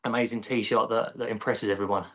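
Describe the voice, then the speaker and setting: A man's voice: on the low side, fast. A man with an English accent, a golf coach explaining his approach in a casual interview. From England. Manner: relaxed, explanatory, conversational.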